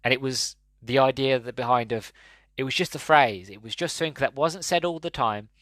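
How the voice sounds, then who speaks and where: A man's voice: mid-range voice, brisk, a bit bright, dry recording. A man hosting a podcast, talking casually and enthusiastically about a game, rambling with many restarts. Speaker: podcast host. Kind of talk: casual solo game-review talk.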